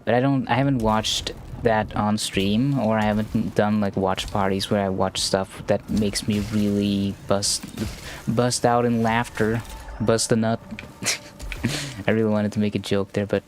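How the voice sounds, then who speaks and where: A man streaming a game live, chatting in a slow, monotone, rambling way with many restarts. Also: lowish voice, a little hiss or hum. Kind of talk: casual live-stream chat while gaming.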